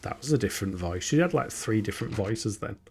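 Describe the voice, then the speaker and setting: Speaking fast with lively intonation, a British man with a northern accent chats through a game he's streaming, often laughing at his own expense. His voice is on the low side and darkish, with a little hiss or hum on the recording.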